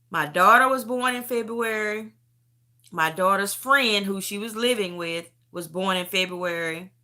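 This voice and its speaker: Middle-aged woman, host of a testimony live stream; sharp bright tone, animated and emotional storytelling, close to tears. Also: mid-range voice. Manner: animated storytelling, calls the listener "beauty". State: near tears. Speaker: host sharing a personal testimony.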